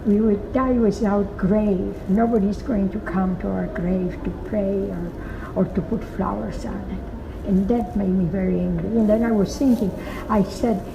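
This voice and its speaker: Older woman with a gravelly voice. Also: medium pitch, steady tone. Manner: slow, halting, emphatic storytelling. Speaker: Holocaust survivor giving testimony. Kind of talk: recorded testimony. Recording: echoey, muffled recording with noise.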